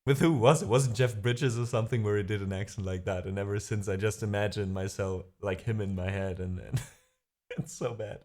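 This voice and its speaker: A man's voice: on the low side, steady tone, brisk, a little mellow. A man whose first language is not English, hosting a music livestream and chatting casually with viewers, rambling and laughing at himself. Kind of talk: casual chat reading viewer comments.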